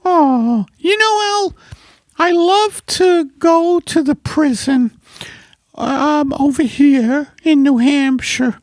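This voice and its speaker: A man voicing a cheery older wife with a high, sing-song voice in a comedy bit. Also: takes it slowly, a little mellow, dry recording. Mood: chirpy.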